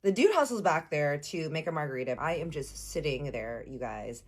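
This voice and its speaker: A young woman from Texas telling a personal story in a casual vlog, animated, playful and slangy. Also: low-pitched, moderate pace.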